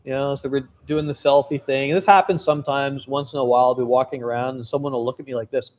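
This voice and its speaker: A man chatting straight to camera in a relaxed vlog update. He talks candidly and casually, drifting into stories, with the odd swear word tossed in. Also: medium pitch, fast talker. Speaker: travel vlogger and novelist.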